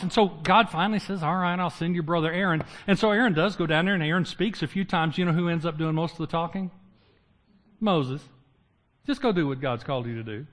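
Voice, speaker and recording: Animated high-voiced male preacher. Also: a little fast. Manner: lively, acts out biblical characters with humor. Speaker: pastor. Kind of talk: sermon.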